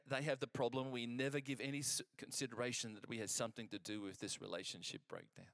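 Male preacher for a sermon, lively storyteller, chatty with restarts, mid-range voice, dry close sound. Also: mid-range voice, fast talker, vocal fry, few pauses, dry recording. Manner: animated storytelling, acting out quoted exchanges; conversational, with frequent restarts.

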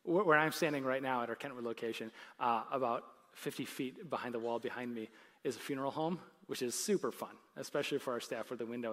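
A quick-paced pastor with a medium-pitched, somewhat bright voice gives a chatty sermon on a church stage, laughing often. A live audience listens as he drives toward emphatic moments.

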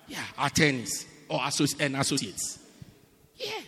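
A man preaching a sermon as pastor, emphatic and repetitive, swinging between loud cries and low murmurs. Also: lively intonation, moderate pace, breathy edge, in a large hall.

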